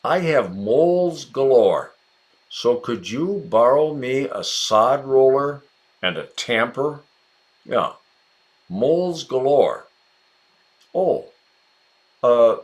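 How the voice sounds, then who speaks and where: An American man teaching English in a relaxed, chatty lesson. He talks slowly and carefully, and his pitch swings up and down a lot. He encourages his viewers and calls out to them by name. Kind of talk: casual ESL lesson narration.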